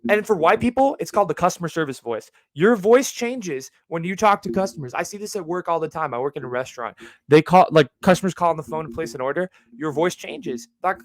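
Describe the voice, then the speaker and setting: A man's voice: on the high side, fairly bright tone, no room sound, poor audio. A young man hosting his own podcast, rambling in a casual monologue with plenty of swearing and joking asides. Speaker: podcast host. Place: home recording setup with a ring light.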